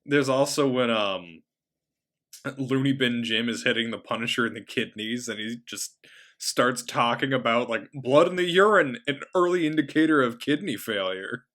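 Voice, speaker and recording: A young man co-hosting a casual movie podcast. His voice is bright and forward at a middle pitch. He answers in short, dry remarks. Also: moderate pace. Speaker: podcast co-host. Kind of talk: casual film review chat.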